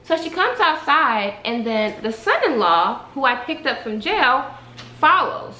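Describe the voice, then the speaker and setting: A young woman vlogger telling a story casually, with animated, dramatic delivery. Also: high-pitched, a little slow, roomy sound, poor audio.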